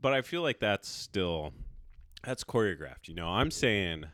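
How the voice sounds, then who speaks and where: A man's voice: on the low side, big pitch swings, measured pace, fairly bright tone, dry recording, clean studio sound. A man in his thirties co-hosting a podcast, laid-back in casual chat and laughing often. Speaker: podcast co-host.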